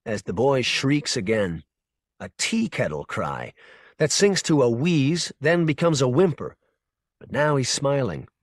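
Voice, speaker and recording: A man narrating a short story for an audiobook in a measured, intense second-person voice. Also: medium pitch, big pitch swings, no room sound, clean studio sound. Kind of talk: scripted narration.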